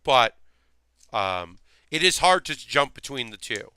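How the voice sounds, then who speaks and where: Bright, rambling male streamer. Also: medium pitch, big pitch swings, unhurried, smooth, no room sound. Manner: rambling, many fillers and restarts. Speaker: streamer building a model kit. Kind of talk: casual chat while building.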